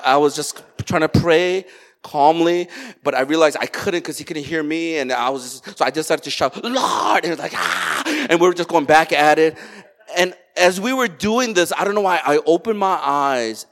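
Male pastor, higher pitch, energetic sermon delivery, storytelling preacher. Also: moderate pace. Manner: energetic preaching with repeated lists and personal stories.

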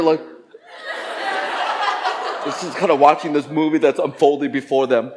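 A man casually telling a personal story in an animated way, acting out what people said with sudden jumps in pitch and volume. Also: moderate pace, long pauses, noisy background. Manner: animated, acts out dialogue with jumps in pitch and loudness.

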